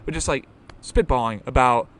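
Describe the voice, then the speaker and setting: Young male podcast host, mid-pitched voice, loose and rambling delivery, drops swear words, casual live-interview chat. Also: normal speed, a bit bright. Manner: rambling, swears freely, many fillers.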